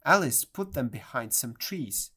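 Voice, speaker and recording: A reader narrating a storybook in a clear, measured delivery. Their pitch moves up and down widely as they go. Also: expressive, bright, forceful tone. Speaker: audiobook reader.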